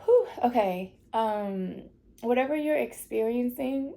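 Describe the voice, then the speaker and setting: A tarot reader addresses her viewers in a gravelly, mellow voice that sits fairly high, speaking slowly but with animation. Emotional and close to tears, she laughs it off and reassures her audience that everything will be okay.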